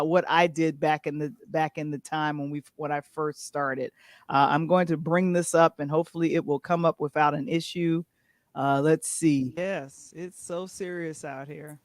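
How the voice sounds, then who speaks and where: Unhurried woman host, dry sound. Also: deep voice, no echo. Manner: laughs often, chatty and excitable. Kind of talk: casual live-stream chat.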